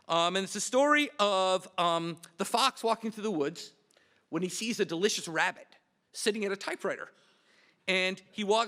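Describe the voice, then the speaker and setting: A man speaking at a memorial event as host, with a high, bright voice. He tells a long anecdote with light humor before introducing the panel. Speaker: department representative and panel host. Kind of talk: memorial speech.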